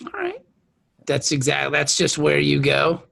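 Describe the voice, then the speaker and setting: Gravelly, animated man riffing jokes. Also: fairly high pitch. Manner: jokey, quick to riff and do bits. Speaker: podcast co-host. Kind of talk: casual chat.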